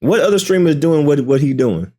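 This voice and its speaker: A man's voice: on the high side, expressive, a little fast, mellow. A man hosting reaction commentary, ranting in exasperated disbelief with lots of slang. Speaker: commentary host reacting to a stream.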